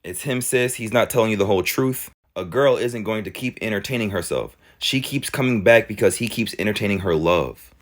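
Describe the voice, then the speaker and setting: A man giving reaction commentary to viewers, animated and full of rhetorical questions. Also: on the low side, fairly quick, few pauses. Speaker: commentary creator reacting to clips.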